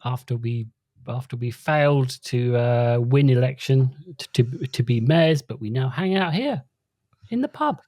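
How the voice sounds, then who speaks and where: A man's voice: mid-range voice, animated, a little slow, a little mellow, dry recording, clean studio sound. A middle-aged man co-hosting a podcast in easygoing casual chat, with a wry tone and frequent ums. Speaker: podcast co-host.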